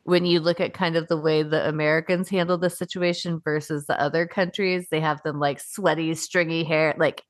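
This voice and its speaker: A woman with a slightly low voice talks through a casual podcast chat, rambling and trailing off with frequent laughs. She is a young adult co-host who swears in passing. The sound is close and dry. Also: level tone, normal speed, hardly any pauses, no room sound.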